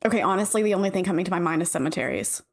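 A woman co-hosting a podcast in casual chat, playful and quick to laugh. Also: fairly low pitch, animated, heavy background noise. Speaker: podcast co-host.

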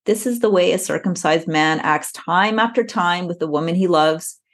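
Lower-voiced woman podcaster reading aloud. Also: normal speed. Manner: reads aloud while breaking into giggles. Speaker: podcast co-host. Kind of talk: casual podcast chat, reading historical text aloud.

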